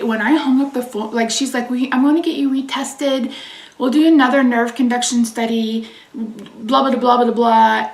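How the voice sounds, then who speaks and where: A woman's voice: fairly high pitch, vocal fry, reverberant, distant mic. A woman hosting her own channel, venting in casual chat about a frustrating phone call, swearing and reading viewer names aloud. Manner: reads chat names aloud between sentences. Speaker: channel host.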